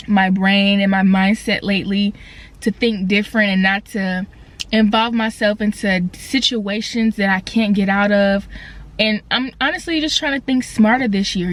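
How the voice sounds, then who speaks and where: A young woman vlogger telling a casual storytime rant, animated and slangy, with quick asides and swings between loud and quiet. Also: medium pitch. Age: young adult. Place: indoors, in her car. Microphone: phone camera.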